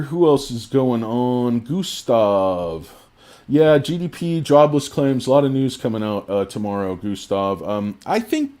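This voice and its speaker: A man hosting a casual livestream about stocks, talking emphatically and rambling with plenty of fillers, swinging from loud, punchy lines to mumbled asides. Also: mid-range voice. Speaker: livestream host.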